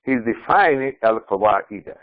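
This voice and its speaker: A man, an imam, giving a slow commentary on scripture and repeating and explaining Arabic terms. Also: on the low side, lively intonation, no room sound, phone-quality sound. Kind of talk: Quran commentary lesson. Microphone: screen-sharing lesson recording.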